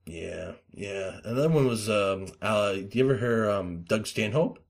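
A man hosting a loose podcast chat in a lowish voice. He rambles through stories with lots of fillers and swears, and bursts into loud, acted-out quotes. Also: moderate pace, vocal fry. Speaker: podcast host.

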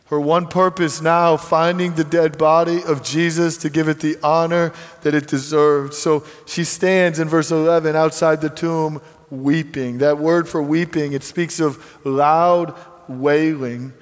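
Guy preaching, earnest, goes quiet then builds up loud, slightly high voice, big echoey hall. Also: little pitch movement, a little slow. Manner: earnest, swings from hushed to emphatic. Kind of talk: sermon. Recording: long hall reverb.

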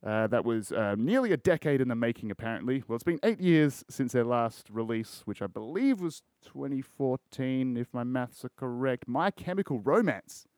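A man's voice: medium pitch, expressive, normal speed, few pauses, darkish tone, dry recording, clean studio sound. An Australian man hosting a solo podcast, rambling in casual chat with lots of swearing and crude jokes. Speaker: podcast host.

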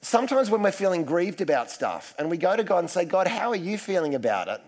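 A man's voice: high voice, sing-song, fast. A man preaching a casual, self-deprecating sermon full of asides. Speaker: pastor.

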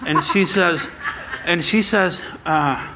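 A man's voice: high-pitched, slow, noisy background. A man, preaching a personal story to his congregation and acting out the voices in it. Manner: animated storytelling, acts out quoted voices. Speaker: pastor. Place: church sanctuary.

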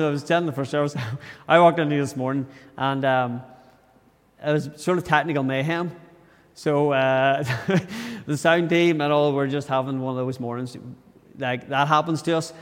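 A male preacher delivering a sermon in a church, his voice sitting a little higher than most men's. He talks earnestly and conversationally, with frequent restarts. The sound rings out with a long hall echo. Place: church during a service.

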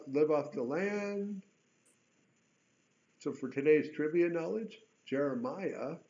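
A man's voice: a little high, darkish tone. A man teaching through Bible passages verse by verse, reading aloud and breaking off into casual, conversational asides. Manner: conversational, with chatty asides between read verses. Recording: dull lo-fi recording.

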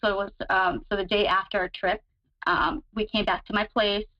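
Woman guest, casual storyteller, chatty with fillers, pitch jumps on dramatic bits; dull lo-fi audio. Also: level tone, normal speed. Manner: chatty, many fillers, relives moments with sudden higher pitch. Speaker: guest describing her relationship.

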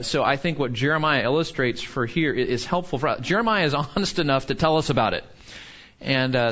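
A man teaches from the Bible in a conversational, earnest way, stumbling over his restarts as he goes. His voice sits at an ordinary middle pitch. The recording sounds slightly dull and lo-fi. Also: a bit bright. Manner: earnest, frequent restarts and filler words. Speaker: pastor.

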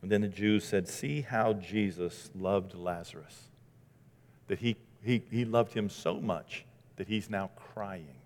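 A man preaching a sermon as pastor, dramatic, dropping to a hush and rising to loud exclamations. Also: lowish voice, takes it slowly, in a large hall. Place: church sanctuary.

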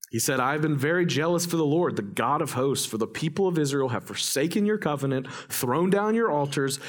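A man preaching a sermon in church, reading scripture and explaining it, jumping up high when he quotes people. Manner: lively, animated, rises high when quoting voices. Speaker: pastor.

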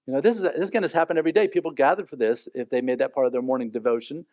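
A male pastor teaching a Bible passage in a sermon, animated and joking. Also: medium pitch, racing, hardly any pauses, no echo. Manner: animated, joking, acts out the characters. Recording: dull, dry recording.

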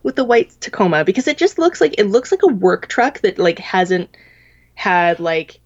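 In a casual podcast chat, a female co-host in her thirties rambles through a long story full of fillers. Her medium-pitched voice has a sing-song quality and a moderate pace, and the recording sounds dull and lo-fi.

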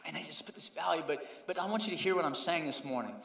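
A young man preaching in a reverberant church hall, his voice bright and forceful and sitting a little high for a man. He tells his story like a chat from the pulpit, and goes quiet and low when he speaks as the Lord. The room rings on long after each phrase. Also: fast talker, gravelly. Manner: storytelling, conversational and animated, drops low and soft when quoting the Lord. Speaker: pastor. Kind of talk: sermon. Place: church sanctuary.

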